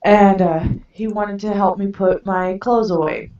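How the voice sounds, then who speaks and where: A woman's voice: mid-range voice, fairly even intonation, a little slow, warm tone, slight background noise. Chatty woman, distant echoey lo-fi mic. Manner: chatty storyteller, laughs through her stories. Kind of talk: casual chat. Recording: echoey room, distant from mic, dull lo-fi sound.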